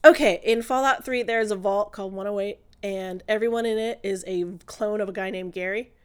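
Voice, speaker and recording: A woman's voice: mid-range voice, steady tone, brisk, clear, resonant tone. A woman co-hosting a podcast, chatting casually about a video game in a chatty, opinionated way with lots of fillers. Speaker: podcast co-host. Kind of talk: casual chat.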